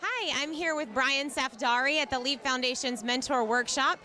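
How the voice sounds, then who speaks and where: A woman with a high, bright voice asks guests about their day in an upbeat, encouraging way. She talks outdoors at a campus event. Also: moderate pace, some chatter behind. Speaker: interviewer. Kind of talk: event interview.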